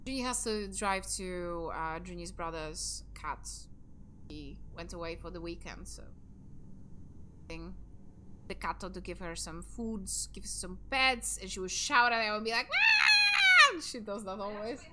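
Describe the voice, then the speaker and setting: A woman's voice: lowish voice, measured pace, noisy background. A young woman streaming a game, chatting casually in a rambling way and swearing offhandedly. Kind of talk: casual live-stream chat while gaming.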